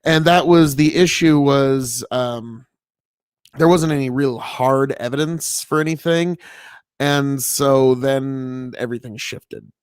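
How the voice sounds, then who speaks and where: A man's voice: mid-range voice, fairly even intonation, slow pace, clean tone, dry recording, clean studio sound. A man from Nebraska, a farmer, talking casually and profanely on a livestream from inside an old family mill, rambling with many fillers. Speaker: farmer streaming commentary.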